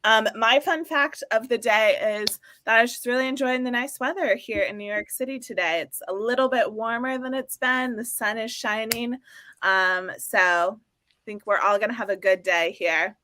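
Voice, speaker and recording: A woman's voice: a little high, moderate pace, background noise. A woman co-hosting a live stream, chatting in a casual, upbeat way with lots of fillers. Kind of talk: casual chat. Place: home or office, working from New York.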